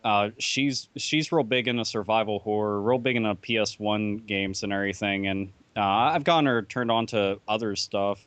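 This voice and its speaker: Rambling, profane lower-voiced man. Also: fairly bright tone, no room sound. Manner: rambling, profane, halting with many fillers. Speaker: podcast panelist. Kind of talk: casual chat.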